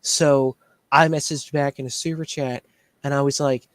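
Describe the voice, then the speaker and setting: A man's voice: steady tone, normal speed, dry recording. A man telling a story in casual chat, ranting about a rival and mimicking him. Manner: ranting, mimics others in a higher voice. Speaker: shirt shop owner.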